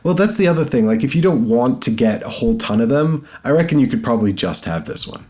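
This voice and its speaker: A man co-hosting a podcast, giving relaxed opinions while thinking aloud. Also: mid-range voice, fast talker. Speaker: podcast co-host. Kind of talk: casual chat.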